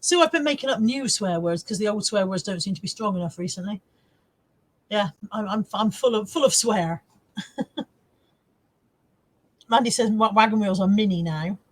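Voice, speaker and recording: A woman's voice: medium pitch, normal speed, pauses often. Chatty, swearing woman. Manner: chatty, laughs often, swears freely. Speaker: live-stream host reading viewer comments. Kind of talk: casual live-stream chat.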